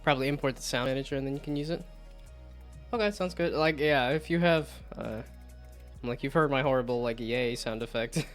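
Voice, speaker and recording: Building a game on a live stream, a man chats casually, rambling and poking fun at himself, laughing often and letting out silly high whoops. He talks a little fast, with soft music playing in the background.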